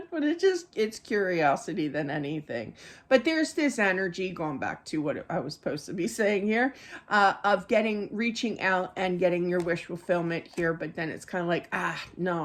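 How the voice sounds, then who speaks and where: Chatty middle-aged woman giving a psychic reading. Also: on the low side. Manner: rambling and chatty, with many fillers and asides. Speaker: psychic medium. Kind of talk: live spirit reading to viewers.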